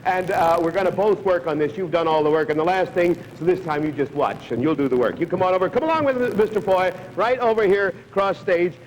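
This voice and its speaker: A man hosting a live television game show, chatty and brisk as he coaxes contestants through a stunt. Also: high-pitched, long reverb tail, a little hiss or hum, poor audio.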